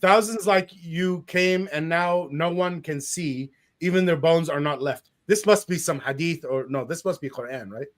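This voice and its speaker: A man hosting a casual talk show, reading out comments with animated indignation and laughing as he goes. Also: a little high, normal speed, hardly any pauses. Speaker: podcast host.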